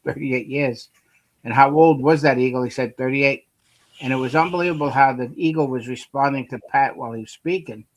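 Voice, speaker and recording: A man's voice: mid-range voice, poor audio. A man with a Brooklyn accent, co-hosting a casual chat, telling stories in a rambling way that repeats phrases and swears. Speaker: co-host.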